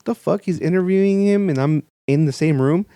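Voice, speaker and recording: A young man tells a long, laid-back story on a podcast, peppering it with curses and bouncing his pitch up to mimic other people. His voice sits a little high for a man, and the mic is close and dry with almost no room sound. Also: brisk, mellow, clear, resonant tone, no room sound. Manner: swears a lot, acts out quoted people with jumps in pitch. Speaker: podcast co-host. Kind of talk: casual storytelling chat.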